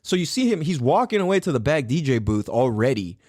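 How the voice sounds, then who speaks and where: A man hosting a podcast in casual chat, swearing freely and jumping up into a higher voice to act out what others said. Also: fairly quick, no room sound, studio quality. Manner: animated, swears a lot, acts out quotes in a higher voice. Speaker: podcast host.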